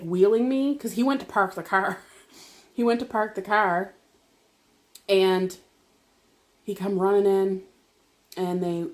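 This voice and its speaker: A woman vlogger telling a personal story while eating dinner, chatty and animated, laughing often and swearing casually. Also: mid-range voice. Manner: animated, talks to viewers directly.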